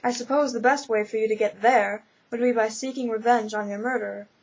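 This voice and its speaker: In a storybook reading on a somewhat dull lo-fi recording, a woman voices a brisk, no-nonsense older spirit leading a newcomer. Her voice is a little high, steady, and darkish in tone.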